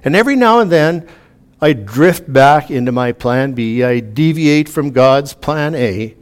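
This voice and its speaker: A man's voice: mid-range voice, lively intonation, measured pace. A man preaching a sermon to a room, earnest, reading scripture aloud with emphatic rises.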